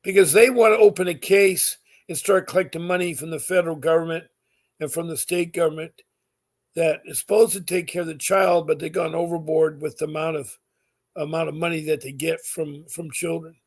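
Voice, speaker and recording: A man's voice: on the high side, steady tone, fairly quick. A middle-aged man talking straight to his viewers, giving earnest, insistent advice that repeats its points, with many fillers. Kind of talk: direct-to-camera advice talk.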